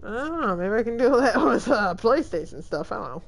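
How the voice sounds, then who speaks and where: A woman streaming a role-playing game and commenting on it, excitable and quick to laugh and exclaim. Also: a little high. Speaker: let's play streamer. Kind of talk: gaming commentary.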